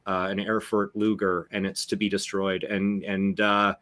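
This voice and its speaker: This is a Canadian man hosting a podcast chat. His voice sits low, and he speaks with passion, often restarting and repeating his words. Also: level tone, a little slow, fairly bright tone. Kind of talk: casual podcast discussion.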